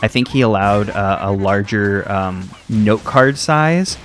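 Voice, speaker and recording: A young man from the United States talks through a game in a loose, rambling way, stacking fillers and drifting into tangents. His pitch swings widely as he goes, rising high and dropping low. Faint game music sits quietly behind him. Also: animated, slow. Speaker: let's play host. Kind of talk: casual gameplay commentary.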